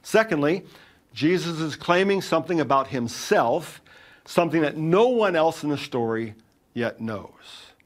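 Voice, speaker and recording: A middle-aged man preaching a sermon in an earnest way, with dramatic pauses and shifts between loud and quiet. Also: a little high, lively intonation. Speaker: pastor.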